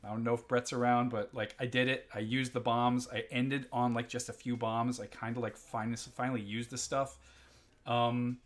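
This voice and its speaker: A man's voice: mid-range voice, little pitch movement, normal speed. Chatty man hosting a game stream. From Germany. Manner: chatty, rambling, reads chat aloud and laughs often. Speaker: live-stream host. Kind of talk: casual live-stream gameplay chat.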